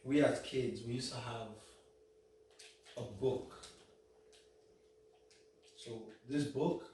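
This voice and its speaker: A man's voice: medium pitch, drawn-out words, a little mellow, a little hiss or hum. A man from Nigeria, telling a childhood story in a joking way, acting out quotes. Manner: joking, quoting himself. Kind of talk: casual storytelling. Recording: echoey room, mic at a distance.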